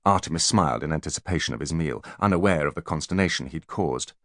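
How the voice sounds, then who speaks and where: A man's voice: rumbling low, fast, a bit bright, no room sound, studio quality. A man narrating a children's novel as an audiobook, telling the story expressively. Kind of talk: scripted narration.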